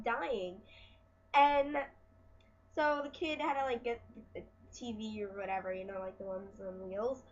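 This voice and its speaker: Chatty teen girl, high voice, lo-fi. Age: teens. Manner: chatty, exasperated, animated retelling. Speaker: vlogger. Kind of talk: casual storytelling vlog. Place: at home.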